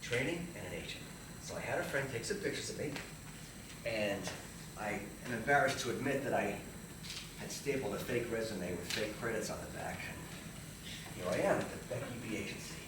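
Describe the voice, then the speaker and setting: A man telling comic stories from his own life in a solo stage show, with lively stammered restarts and banter with the audience. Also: fairly low pitch, fairly quick, noisy background. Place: theater stage with a live audience. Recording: echoey theater from far off.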